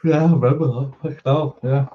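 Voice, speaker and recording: A man's voice: mid-range voice, fairly even intonation, a little fast, muffled recording, slight background noise. A man in his thirties hosting a casual chat, laid-back, laughing and swearing freely. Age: 30s.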